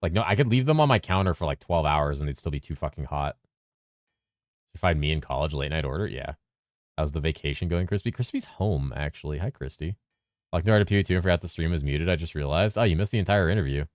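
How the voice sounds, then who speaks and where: A man with a very deep voice, chatting casually on a game stream, reading messages from chat aloud and answering them with casual swearing. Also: no echo. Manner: lively presenter inflection at times, drops into a flatter low voice at other times; talks fast to keep up with chat.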